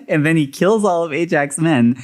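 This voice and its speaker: A man's voice: a little high, animated, unhurried. A man hosting a podcast, animatedly retelling movie scenes and laughing often. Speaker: podcast host presenting a fan theory. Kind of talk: casual podcast chat.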